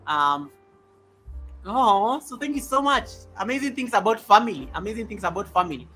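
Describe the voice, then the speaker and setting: An animated male live stream host. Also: sits high, moderate pace, soft background music. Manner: animated, reads chat comments aloud, chuckles often. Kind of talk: casual live stream chat. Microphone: USB desk microphone.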